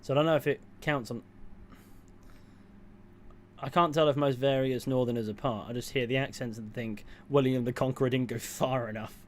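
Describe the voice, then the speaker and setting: A man with a mid-pitched voice chats casually on a livestream. He reads viewers' comments aloud and answers them in a dry, offhand way. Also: steady tone, normal speed, a little hiss or hum. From England. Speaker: streamer reading chat.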